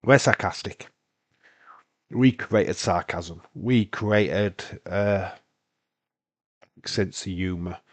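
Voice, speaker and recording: Young Scottish streamer, lowish pitch, congested, rambling and sweary, casual chatter. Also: male voice, drawn-out words, long pauses. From Britain. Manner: rambling, sweary, laughs often. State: congested from hay fever. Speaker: live-stream host. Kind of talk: casual live-stream watch-along chat.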